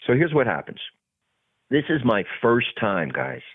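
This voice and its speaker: In an interview, a guest actor with a mid-range, unhurried, slightly breathy voice tells stories and animatedly acts out the people in them. The sound is dry and tinny, like a phone, with no room sound.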